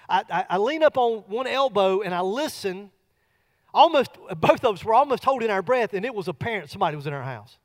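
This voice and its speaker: A middle-aged man preaching a sermon, telling a folksy personal story that builds to loud bursts. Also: sits high.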